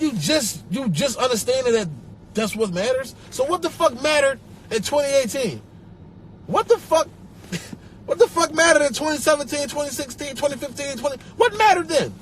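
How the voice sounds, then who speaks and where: Philly man, high lively voice, profane livestream rant, phone mic with faint noise. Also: moderate pace. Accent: Philadelphia. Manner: animated, profane, mocking others in a put-on voice. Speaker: social media personality.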